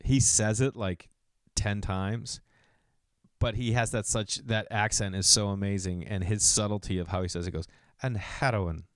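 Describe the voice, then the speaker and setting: A man's voice: fairly low pitch, fairly even intonation, moderate pace, smooth, no room sound, clean studio sound. A middle-aged man hosting a podcast, telling loose, digressive comedic stories in a solo monologue. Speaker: podcast host.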